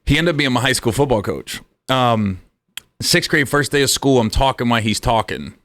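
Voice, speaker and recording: A man's voice: medium pitch, lively intonation, moderate pace, fairly bright tone. A man, a comedian guest, telling comic stories in conversation and laughing through them.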